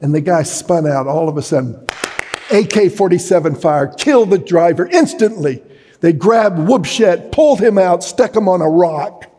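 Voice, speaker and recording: A middle-aged man preaching a sermon, telling a story dramatically and shouting at its peaks. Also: high-pitched, animated, normal speed. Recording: long hall reverb.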